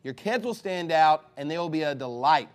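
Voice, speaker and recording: A man with a fairly high voice, preaching to his congregation as their pastor. He talks emphatically and swings his pitch widely, now and then breaking into loud outbursts. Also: lively intonation, moderate pace. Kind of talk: sermon.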